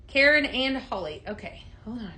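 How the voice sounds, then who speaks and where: Her voice is fairly high, animated, pushed and bright, at a moderate pace, and the recording is rough. She's hosting a live home fragrance show on a hot-lit studio set, keeping the chat upbeat as she demos items and reads viewer comments.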